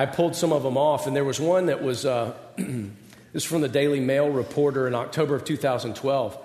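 A man's voice: mid-range voice, a little mellow. Man preaching in an echoing hall. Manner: conversational, self-deprecating storytelling. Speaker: pastor. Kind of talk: sermon with personal stories. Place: large hall with an audience. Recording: roomy hall with long reverb.

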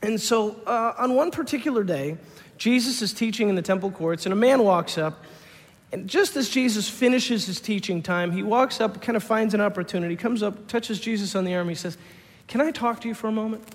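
High-voiced pastor in a reverberant hall. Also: male voice, fairly quick. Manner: conversational, frequent restarts. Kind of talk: sermon storytelling.

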